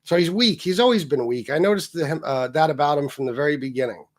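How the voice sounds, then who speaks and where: A man's voice: fairly high pitch, fast talker. A man hosting a casual livestream, talking bluntly and with lots of swearing, and reading out viewer messages. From Sicilian heritage. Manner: profane, blunt, reads donor messages aloud. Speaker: livestream host.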